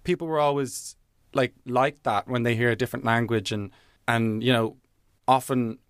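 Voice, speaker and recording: A man's voice: medium pitch, fairly even intonation, normal speed, clean tone, no echo, clean studio sound. A young man, a comedian, chatting in an interview, laughing often and acting out little quotes. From Ireland. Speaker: comedian guest. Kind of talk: casual interview chat.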